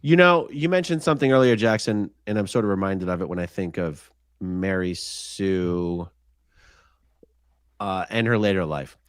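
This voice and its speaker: A man's voice: low-pitched, normal speed, clear, resonant tone, no room sound, studio quality. A man hosting a live-stream panel chat, reading viewer comments aloud and pressing guests with pointed questions. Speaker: host.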